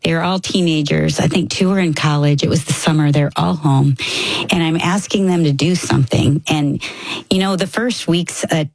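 A middle-aged woman co-hosting a faith conversation, telling stories in an animated way and acting out what people said. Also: low-pitched, moderate pace, no room sound. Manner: animated storyteller, acts out quotes.

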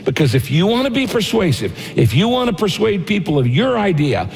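Middle-aged male pastor, emphatic sermon delivery, slightly high voice, big reverberant church hall. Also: big pitch swings, gravelly, darkish tone. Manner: emphatic, repeats key phrases, slows for scripture. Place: church auditorium. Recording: long reverb of a large hall.

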